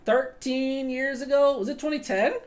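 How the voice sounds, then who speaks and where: A woman's voice: sits high, fairly even intonation, normal speed, darkish tone. A young woman streaming a fantasy game, narrating role-play with giggles, swearing and easy distraction. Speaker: gaming streamer. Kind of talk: casual role-play gaming commentary.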